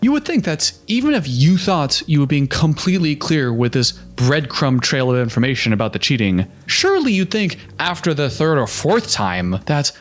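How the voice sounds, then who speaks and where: A man's voice: a little high, very animated, moderate pace, few pauses. A man giving sarcastic, incredulous reaction commentary on a reality show, breaking down what he sees. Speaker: YouTube commentator.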